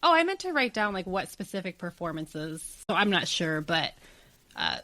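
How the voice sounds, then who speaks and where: A woman co-hosting a podcast in casual chat, animated and laughing often. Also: lowish voice, moderate pace, no echo. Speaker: podcast co-host.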